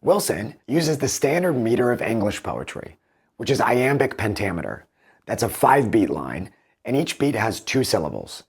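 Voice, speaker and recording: A man giving measured, analytical commentary as a book reviewer, comparing translations with animated emphasis. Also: medium pitch, slightly rough.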